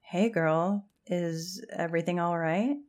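Brief: woman reading as a mellow, joking teen camper girl, storybook. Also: on the low side, takes it slowly. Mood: easygoing. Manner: laid-back, tired.

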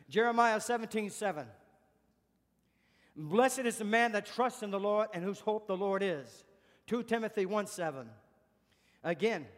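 A man delivers an emphatic sermon in a notably high voice. He repeats his questions for force and slips into quiet spoken praise. The sound carries a long hall reverb. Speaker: preacher.

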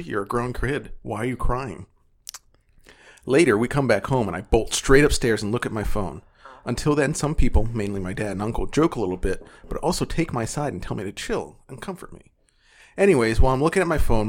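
A man co-hosting a casual podcast, reading online posts aloud with sardonic asides. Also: mid-range voice.

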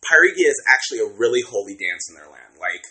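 A man co-hosting a casual podcast, critiquing a book in an animated way, swearing freely and acting out quotes. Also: medium pitch, quick pace, low-quality recording. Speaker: podcast co-host.

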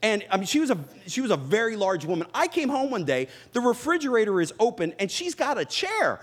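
Middle-aged pastor guy, high voice swinging all over, jokey sermon in church. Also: a little fast. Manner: animated, jokes with the congregation. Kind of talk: sermon with humorous stories. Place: church before a live audience.

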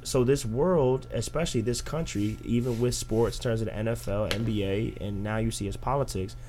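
A man's voice: lowish voice, brisk, slight background noise. A young man in casual podcast chat, arguing with rhetorical questions. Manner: animated, argumentative, rhetorical questions.

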